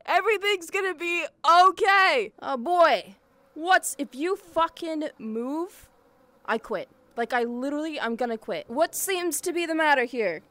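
Jumpy high-voiced woman streamer, swearing. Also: expressive, unhurried, bright, forceful tone. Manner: jumpy, yelping and swearing at scares. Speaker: VTuber streamer. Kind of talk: horror game livestream commentary. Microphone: headset in VR.

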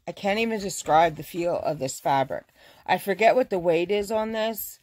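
Gushing, chatty woman, a fabric shop owner, showing her stock in a relaxed live showcase. Her voice sits a little low. The sound is dry and close, and she stops to correct herself as she goes. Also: normal speed, no room sound. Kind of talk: casual live product showcase.

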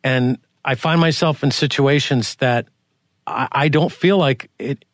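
A man's voice: measured pace, no echo, studio quality. Rambling male podcast host. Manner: rambling, restarts questions, animated pitch jumps. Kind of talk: conversational interview.

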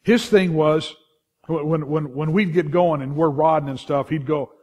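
A middle-aged pastor with a Californian accent preaches a lively, story-driven sermon, often restarting and tossing asides to the congregation. His voice sits fairly high and moves at a moderate pace.

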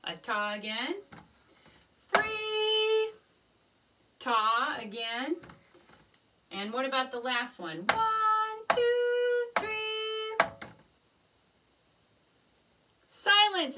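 A woman teaching a music lesson to young children, gently encouraging and chanting rhythm syllables in a sing-song voice. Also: on the high side, far from the mic, heavy background noise.

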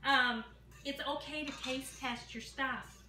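A woman's voice: sits high, steady tone, slow, bright, forceful tone. A woman in her sixties talking casually to the camera in her home kitchen, chatty and folksy, speaking straight to her viewers. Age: 60s. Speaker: home cooking vlogger. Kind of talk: casual cooking chat to camera. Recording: echoey kitchen with clear background noise.

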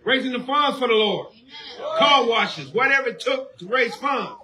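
High-voiced preacher man shouting sermon. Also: expressive, moderate pace. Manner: preaching call-and-response, rising to shouts.

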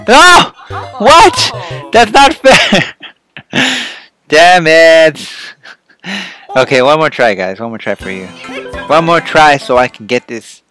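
Man, gameplay commentator, slightly high voice, excitable and foul-mouthed, faint game music behind. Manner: excitable, swearing, yelling at the game. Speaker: let's play host.

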